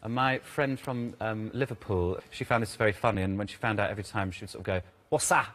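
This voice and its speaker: A man's voice: fairly low pitch, fairly even intonation, fast talker, a bit bright. Cheeky male comedian from Birmingham. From Birmingham, England. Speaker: panel show guest. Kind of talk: comic banter. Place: TV studio with live audience. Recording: noisy studio recording.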